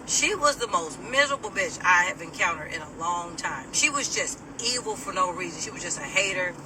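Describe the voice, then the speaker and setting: A middle-aged woman telling a personal story to camera in a casual, animated, sassy way, laughing as she mimics people. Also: lowish voice, brisk, far from the mic, noisy background.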